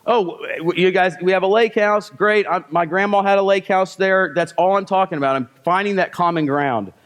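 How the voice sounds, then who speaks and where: A male sales trainer working a live seminar crowd. He keeps firing rhetorical questions and then answers them with short, punchy commands. His voice sits a little high for a man. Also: moderate pace, a bit bright.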